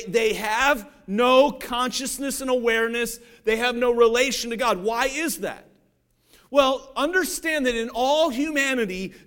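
A man's voice: extremely high pitch, fairly bright tone, clean tone. A man from Cincinnati, Ohio, preaching a sermon in a conversational, joking way and often checking that the audience follows along. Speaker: pastor.

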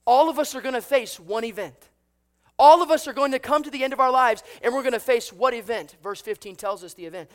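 A man's voice: very high-pitched, a little fast. A man preaching a sermon, telling a story with acted voices and asking the congregation rhetorical questions. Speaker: pastor.

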